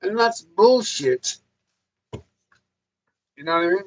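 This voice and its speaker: A man talks on his livestream in a loose, rambling way, repeating himself and swearing constantly. His voice sits high, and he swings it up and down with a lot of animation as he grumbles. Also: expressive, slow, rough recording. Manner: profane, ranting, heavy swearing. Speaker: livestream host. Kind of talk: casual rambling livestream monologue.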